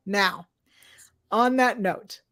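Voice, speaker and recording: A woman's voice: mid-range voice, very slow, fairly bright tone. A woman co-hosting a podcast in casual chat, dry and offhand, with casual swearing. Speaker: podcast co-host.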